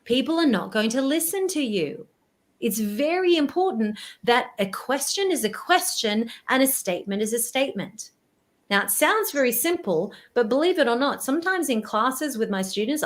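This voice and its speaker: A woman, a voice presentation coach giving tips in an interview, animated and demonstrative. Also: fairly high pitch, moderate pace.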